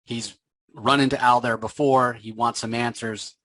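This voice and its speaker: A man hosting a casual comic book discussion, retelling scenes and acting out the characters' lines in quick voices. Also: medium pitch, steady tone, fairly bright tone, no room sound. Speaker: podcast host.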